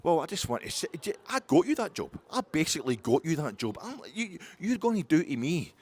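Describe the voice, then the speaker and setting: A man's voice: very animated, brisk, breathy edge. A Scottish man voicing a chatty middle-aged Belgian football man on the phone, pally and rambling in a raised voice. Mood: indignant. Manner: pally, rambling, high put-on voice.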